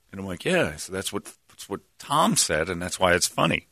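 Bright-voiced man telling a story. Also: low voice, normal speed, gravelly, few pauses, no room sound, clean studio sound. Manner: animated, acts out quotes of others. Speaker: talk show host. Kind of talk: casual storytelling chat.

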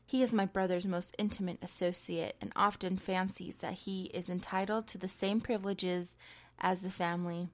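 A woman's voice: fairly low pitch, steady tone, normal speed, lightly acted. A woman voicing a young society woman from a storybook, speaking earnestly and pleadingly. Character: young society woman, composed then agitated.

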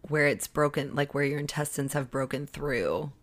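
Young woman, hoarse, low voice, podcast co-host, laughs a lot. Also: normal speed. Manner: laughs often, animated reactions. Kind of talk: casual chat recapping a sitcom episode.

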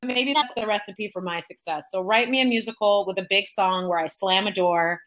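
A middle-aged woman talks as a guest on a casual interview show, spinning animated stories and laughing easily. Her voice is bright and forceful, with an edge to it. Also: medium pitch, a little fast, poor audio. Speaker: Broadway actress, podcast guest.

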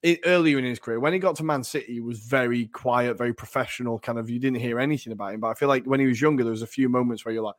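A man's voice: mid-range voice, steady tone, rapid-fire, hardly any pauses, dry recording. Male podcast co-host, casual football talk, dry close sound, hedgy and chatty. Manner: chatty, hedging with fillers and frequent laughs.

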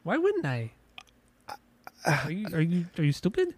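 Teasing podcast co-host, higher-pitched man. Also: wildly swooping pitch, a little slow, a little mellow, slightly rough. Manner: laughing, teasing, dry humor. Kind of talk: casual podcast chat.

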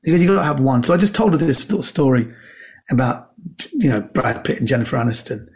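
A man's voice: medium pitch, fast talker. A middle-aged man from Britain, a comedian, telling anecdotes in casual chat and acting out the voices of the people in his stories. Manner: animated storyteller, acts out voices, frequent restarts. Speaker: comedian and actor guest.

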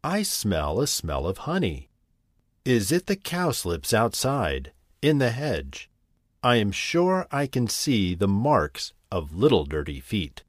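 A man's voice: fairly low pitch, sing-song, slow pace, dry recording, studio quality, exaggerated voice. A man voicing a fussy, tidy little female house mouse in a storybook reading, prim and scolding.

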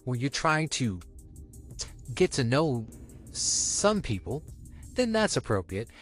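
A man's voice: slow pace, soft background music. A young man co-hosting a podcast, speaking frankly and personally about dating in a casual chat. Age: young adult. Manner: frank, personal, lively ups and downs in pitch. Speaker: podcast co-host.

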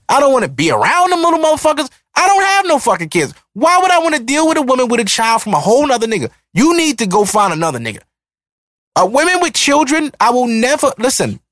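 A man's voice: very high-pitched, fairly bright tone, dry recording. A man in his thirties hosting a podcast, ranting in a heated, profane, emphatic monologue. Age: 30s. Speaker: podcast host.

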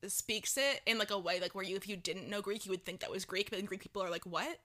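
A woman's voice: mid-range voice, fairly even intonation, quick pace, a bit bright. A woman co-hosting a podcast, chatting and laughing about a reality dating show. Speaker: podcast co-host.

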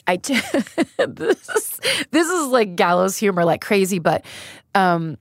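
A woman's voice: medium pitch, very animated, takes it slowly, no echo, studio quality. A woman comedian telling frank, profane stories in a candid interview, laughing through grim moments. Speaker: comedian guest. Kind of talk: candid conversational storytelling.

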